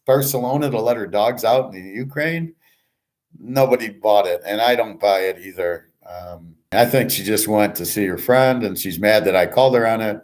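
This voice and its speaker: A man's voice: fairly low pitch, moderate pace. A middle-aged man talking bluntly in a rambling personal monologue, frustrated, swearing freely and restarting his sentences often. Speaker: channel host.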